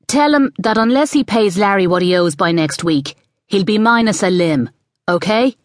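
A woman's voice: medium pitch, normal speed, no room sound, studio quality, lightly acted. Woman reading as a smug, menacing thug. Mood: cold menace. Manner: calm, quietly threatening. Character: menacing male debt collector, cool and smug.

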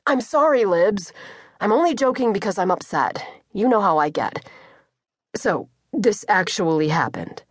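A woman's voice: medium pitch, expressive, measured pace, husky, dry recording. A woman voicing an adult man, a joking and dramatic twin brother who teases his sister. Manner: teasing, theatrical. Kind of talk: audiobook character voice. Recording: dry studio.

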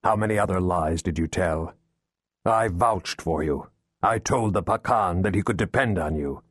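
A man's voice: low-pitched, moderate pace, breathy edge, no room sound, studio quality. A man narrating an audiobook voices a Russian-born hitman speaking with a convincing American accent, keeping a casual cover over his anger. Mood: bitter. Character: male Russian hitman, tense, faking calm.

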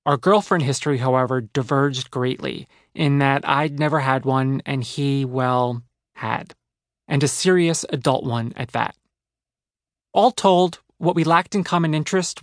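A man's voice: mid-range voice, dry recording, clean studio sound. Wry man narrating his memoir. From New Jersey. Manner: wry, conversational storytelling. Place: dry recording booth. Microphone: close studio mic.

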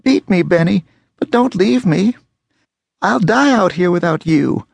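A man's voice: high-pitched, animated, a little slow, vocal fry, no room sound, voice pushed up, full character voice. A man voicing a pleading homeless woman. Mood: desperate. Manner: begging, whimpering pleas.

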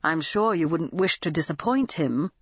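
A woman voicing a calm, poised upper-class lady who speaks coolly and firmly. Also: sits low, slightly rough, no room sound, lo-fi sound. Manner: calm, cool, measured.

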